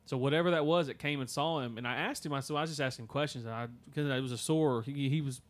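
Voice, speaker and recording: Halting man telling a story on a podcast. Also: mid-range voice. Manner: halting, many fillers and restarts. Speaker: podcast host. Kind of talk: casual storytelling.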